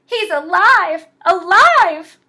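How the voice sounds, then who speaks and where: A woman voicing a gang of loud, bratty little monsters, squealing and shouting in a storybook reading. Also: very high-pitched, very animated, very slow, voice pushed up, exaggerated voice. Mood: excited.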